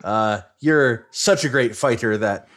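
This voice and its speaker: A man's voice: lowish voice, slow, fairly bright tone. A man voicing a cheerful, eager spellcasting adventurer who talks in an upbeat, encouraging way.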